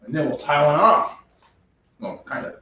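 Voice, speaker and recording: Easygoing male co-host, quick agreeing replies, muffled distant pickup. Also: on the high side, lively intonation, pushed and bright. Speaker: homebrew show co-host. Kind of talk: casual chat. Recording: echoey room, mic far off, dull.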